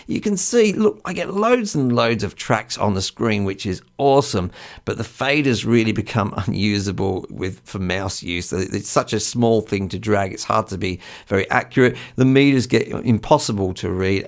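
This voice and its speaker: A man hosting a screen-recorded software tutorial, chatty and enthusiastic, with frequent ums. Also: medium pitch, creaky.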